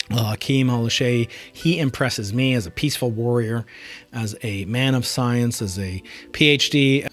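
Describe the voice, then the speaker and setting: A middle-aged man hosting a podcast interview, energetic and teasing, laughing easily. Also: medium pitch. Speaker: podcast host. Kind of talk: conversational interview.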